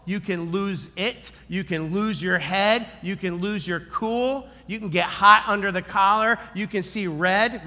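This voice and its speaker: A man preaching a sermon, telling a story in an animated way and acting out the lines he quotes. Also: high voice, in a large hall. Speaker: pastor.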